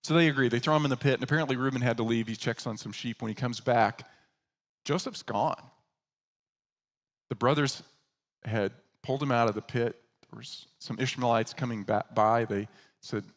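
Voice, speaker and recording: A male pastor delivering a sermon at a middle pitch. He tells the story in an animated way and slips into the voices of the characters he quotes. His delivery is conversational and earnest. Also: long reverb tail.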